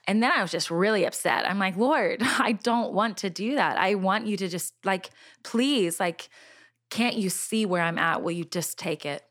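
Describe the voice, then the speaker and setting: A middle-aged woman telling a personal faith story in conversation, earnest and animated, with many fillers and restarts. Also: medium pitch, moderate pace. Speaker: Christian singer sharing a testimony.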